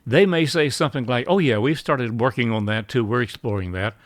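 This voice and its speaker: A man giving a measured sales training talk, acting out short sample lines between buyer and seller. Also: mid-range voice, dry recording, studio quality. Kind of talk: instructional talk.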